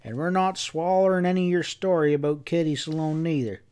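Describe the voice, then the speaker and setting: A man's voice: on the high side, a little fast, a little mellow, clear, resonant tone, pitched above the performer's own voice, natural voice. Man reading as a grim threatening posse leader. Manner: blunt threatening folksy talk. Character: grim angry man leading a frontier posse.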